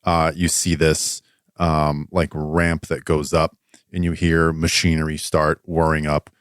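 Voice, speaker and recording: A man narrating a tabletop game as game master, pausing often with fillers. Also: rumbling low, little pitch movement, clear, resonant tone, no echo, clean studio sound. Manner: hesitant descriptive narration with many fillers.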